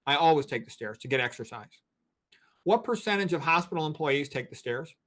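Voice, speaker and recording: A blunt doctor in his sixties lectures with plenty of emphasis. His voice sits a little higher than most men's. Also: animated, brisk, a bit bright. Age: 60s. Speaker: physician, guest. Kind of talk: interview talk.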